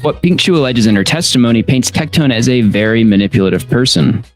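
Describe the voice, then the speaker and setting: A man reading a scripted narration for a commentary video in an even, matter-of-fact way. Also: mid-range voice, fast, soft background music.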